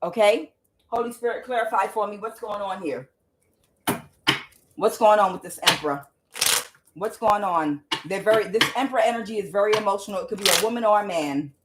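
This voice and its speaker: Heavy background noise surrounds a woman with a mid-range voice who reads tarot at a brisk clip. Casual and foul-mouthed, she speaks bluntly and keeps invoking the Holy Spirit aloud.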